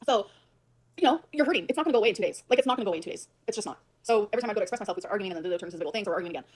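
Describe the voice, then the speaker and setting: Fast-talking woman venting on a livestream. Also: mid-range voice, expressive. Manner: fast, emphatic, swears often. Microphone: livestream mic.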